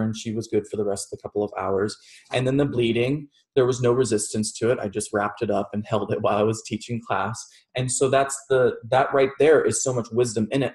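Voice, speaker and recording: Conversational man giving a sermon. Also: lowish voice. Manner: conversational, laughs often, storytelling. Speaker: reverend. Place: small room with a class.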